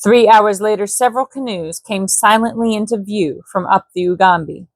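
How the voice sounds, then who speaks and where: Woman gently reading a bedtime story. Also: mid-range voice, moderate pace, dry recording. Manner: gentle, with casual asides. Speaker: storybook reader.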